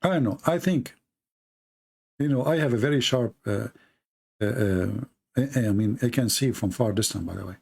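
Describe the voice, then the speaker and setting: A man hosts an online show in a loose, mocking monologue. His English is non-native and full of slips and restarts, and his pitch sits in the middle range. He keeps breaking into laughter at his own jokes. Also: normal speed, creaky, pauses often, a little mellow, slightly rough. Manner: rambling with frequent restarts and fillers. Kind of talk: casual mocking commentary.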